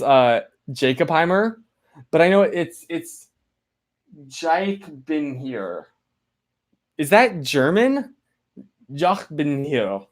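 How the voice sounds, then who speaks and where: Young man, livestream host, casual chat, rambling and apologetic, very animated pitch. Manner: rambling, apologetic, many filler "like"s; playful, reads chat names aloud.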